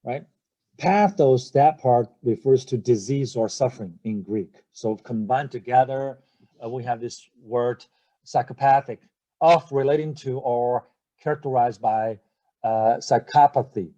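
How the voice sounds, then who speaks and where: A man's voice: mid-range voice, a little slow, dark tone, dull audio. A male English teacher giving a vocabulary lecture. He spells words out letter by letter and keeps checking in with "okay?" and "right?", with frequent hesitations. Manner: hesitant, many fillers and restarts.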